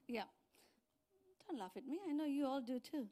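A woman pastor in middle age delivers a sermon with a notably high voice. She preaches in an animated storytelling manner, acting out the lines of the people in her stories. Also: normal speed. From outside New Zealand. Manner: animated storytelling with acted-out quotes.

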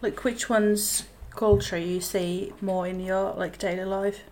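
A woman from Finland whose first language is Finnish, speaking English with a Finnish accent in a soft, hesitant casual chat. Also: mid-range voice, fairly even intonation, measured pace, a little hiss or hum.

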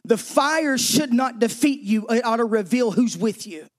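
A man with a strikingly high voice preaches a sermon as pastor. He presses his points with emphasis and sometimes sinks into hushed tones. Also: lively intonation, moderate pace.

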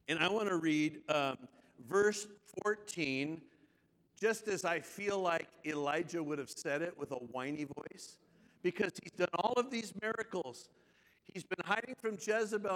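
A man's voice: high-pitched, a bit bright, long reverb tail, low-quality recording. A man preaching a sermon as pastor, with chatty, joking asides to the congregation.

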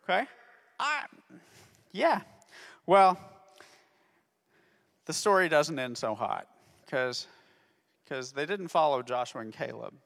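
A man's voice: on the high side, sing-song, slow pace, vocal fry, pauses often, a bit bright. A man telling a Bible story to children as a ministry teacher, constantly checking in with "okay?". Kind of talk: Bible story lesson for kids. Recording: long reverb of a hall.

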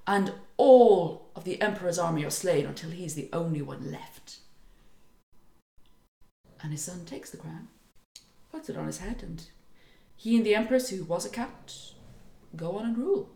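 Animated woman telling a folk tale. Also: lowish voice, moderate pace, creaky, roomy sound. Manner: animated, acts out voices, laughs often. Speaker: podcast co-host retelling a folk tale. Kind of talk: casual storytelling.

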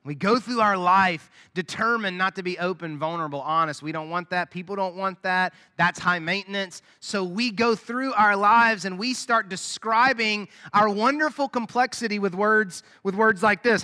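A man with a high, bright voice preaches to his congregation in a casual, chatty way. He often slips into soft, quiet asides. His voice rings with the long reverb of a large church hall. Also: moderate pace, hardly any pauses. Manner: conversational preaching with sudden drops to soft asides. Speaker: pastor. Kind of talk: sermon.

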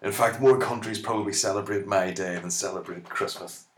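A man with an Irish accent voicing a boastful male saint who brags in a slow, self-satisfied way. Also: on the low side, fairly even intonation, a little hiss or hum, pitched above the performer's own voice, close to an everyday voice. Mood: smug. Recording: echoey room.

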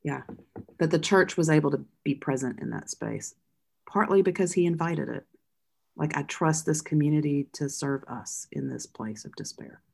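Woman pastor, low and gravelly, reflective storyteller who pauses and restarts. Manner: thoughtful, halting, with soft laughs.

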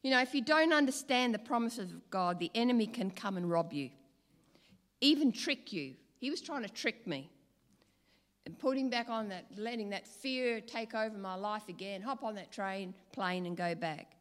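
A woman's voice: mid-range voice, expressive, moderate pace, fairly bright tone. Earnest woman preaching in a hall. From Australia. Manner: earnest, emphatic, storytelling. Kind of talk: sermon. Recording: long hall reverb.

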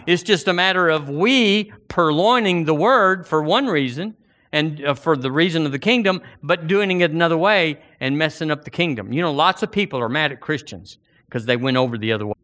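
A man's voice: fairly high pitch, pushed and bright. A middle-aged man, preaching a sermon in a folksy, rambling way, often repeating words. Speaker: pastor. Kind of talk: fervent prayer.

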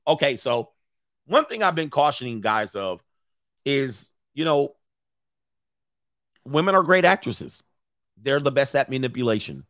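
A man hosting a live commentary, reading messages aloud and reacting to an audience in the room with blunt, profane, animated asides. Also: mid-range voice, measured pace, long pauses, dry recording, clean studio sound. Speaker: commentary host.

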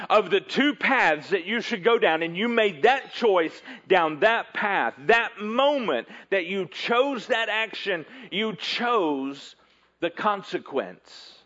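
Man, pastor, sermon, slow deliberate delivery, trailing off soft and low, muffled recording. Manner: earnest preaching, drops low and quiet at ends of phrases.

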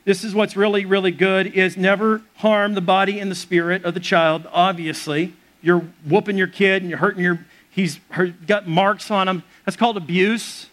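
A man's voice: sits high, steady tone, normal speed, fairly bright tone. A man preaching a sermon as pastor of a church, conversational and joking with the congregation.

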